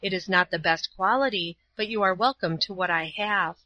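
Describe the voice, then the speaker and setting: A woman voicing a gentle, pious old woman who speaks calmly and tenderly in a storybook reading. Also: mid-range voice, moderate pace, dry recording, close to an everyday voice.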